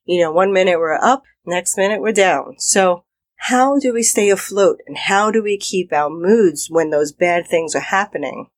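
A woman hosting a self-help podcast, talking straight to the listener in an encouraging, conversational way. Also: on the low side. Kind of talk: motivational podcast monologue.

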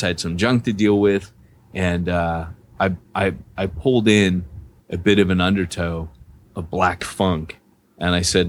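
A man's voice: sits low, slight background noise. A man co-hosting a podcast, telling a personal story in a casual, rambling way with many restarts. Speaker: podcast co-host, church planter.

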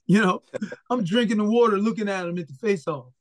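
Brisk and high-voiced, a Philadelphia man who used to box chats casually as an interview guest. Animated and profane, he tells his stories bluntly and performs the voices of the people he's quoting, recorded with no room sound.

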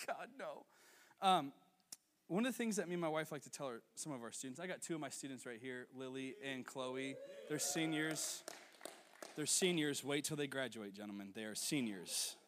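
A man in his twenties preaching a sermon as a youth pastor, telling stories with quick asides and laughs. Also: medium pitch, long reverb tail, a little hiss or hum. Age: 20s.

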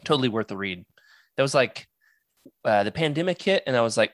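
A podcast host leading a casual chat, wry and animated, handing out turns. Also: mid-range voice, brisk, no echo, studio quality.

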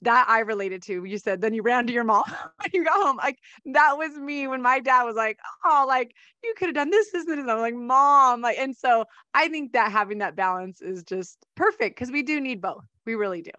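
A woman's voice: on the high side, animated, brisk, bright, forceful tone, no room sound. A middle-aged woman hosting a podcast, chatting casually with her guest, laughing often and saying "like" a lot. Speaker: podcast host. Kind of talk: casual interview chat.

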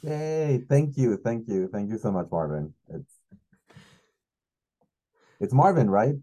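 Mellow male comedian. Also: medium pitch, animated, slow pace, poor audio. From Mexico City. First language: Spanish. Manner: laid-back, laughing, filler-heavy. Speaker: guest comedian. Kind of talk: casual interview chat.

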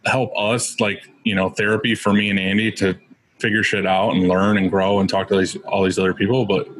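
A man's voice: lowish voice, little pitch movement, a little fast, a bit bright, rough recording. A man co-hosting a podcast, chatting casually with lots of "like" fillers. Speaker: podcast co-host.

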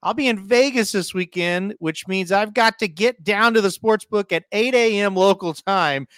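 A man with a high-pitched voice hosts a casual sports betting show, breezing through picks and throwing questions to his partner. The sound is dry and close, with no room around it. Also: moderate pace, fairly bright tone, clear, resonant tone, dry recording. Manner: breezy, leads the picks and asks for co-host's take. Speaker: sports betting podcast host.

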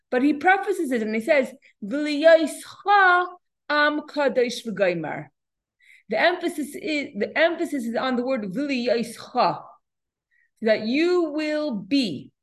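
Woman teaching a Torah lesson. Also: high-pitched. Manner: explanatory, asks and answers her own questions; frequent restarts and repeated words.

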